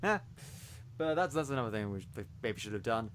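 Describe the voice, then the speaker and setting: With a crowd audible in the background, a man in a mid-range voice talks quickly and animatedly as co-host of a casual review podcast. He's eager and rambling, full of fillers and restarts.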